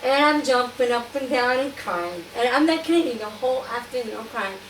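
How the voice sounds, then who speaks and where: A woman telling a personal church testimony in an animated way, acting out what people said. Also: fairly high pitch, normal speed. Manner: animated storytelling, acting out quotes. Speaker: church member giving testimony. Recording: echoey room, far from mic, noisy.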